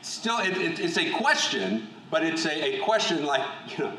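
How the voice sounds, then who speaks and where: A man leading a Bible study group, reading scripture aloud and then talking it through in a measured, thoughtful way with frequent restarts. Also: a little high, very animated, bright, forceful tone, far from the mic. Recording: echoey room, voice from off-mic, faint hum.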